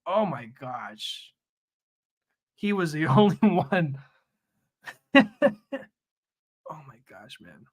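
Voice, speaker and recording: A man's voice: a little high, expressive, takes it slowly, darkish tone. A young man chatting casually with his viewers while he colors on a live stream, laughing often and calling everyone dude and man.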